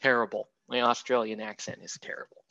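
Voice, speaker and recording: A man streaming a painting session with a gravelly, fry-laced voice, rambling and joking with chat between brushstrokes. The sound is dry and close, and a little dull and muffled. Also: medium pitch, flat delivery, fairly quick, bright, forceful tone, dry recording. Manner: chatty, rambling, self-mocking, talks to chat as he paints. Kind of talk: casual livestream painting tutorial.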